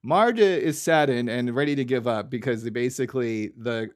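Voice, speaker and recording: A man's voice: medium pitch, normal speed. A man hosting a podcast in casual chat, recapping scenes and acting out quotes. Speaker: podcast host.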